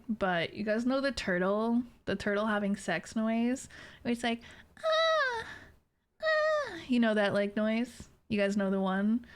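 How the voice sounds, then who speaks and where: A woman in her late twenties, a streamer chatting casually with her chat, giggly and swearing freely. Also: medium pitch. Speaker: VTuber streamer.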